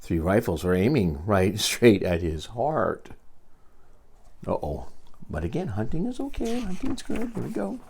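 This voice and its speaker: An older man reading a picture book aloud to his grandchildren, expressive, with quiet asides to the children. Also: lowish voice, a little slow, creaky, husky. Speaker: storyteller.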